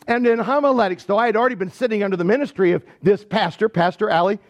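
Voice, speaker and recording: A high-pitched male pastor from Michigan delivering a sermon in a church. He talks with the congregation in an animated, storytelling way. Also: quick pace, muffled recording. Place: church sanctuary.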